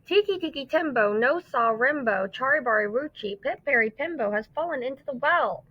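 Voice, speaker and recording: A breathless little boy crying out in high, panting calls, as a woman reads him aloud. His voice sits well above a grown woman's usual pitch. The sound is dull and dry, like a lo-fi home recording. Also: expressive, normal speed, husky, no echo. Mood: urgent.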